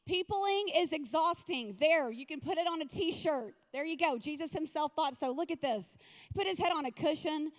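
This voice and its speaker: A woman pastor giving a lively, joking, conversational sermon at a women's retreat. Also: high voice, moderate pace.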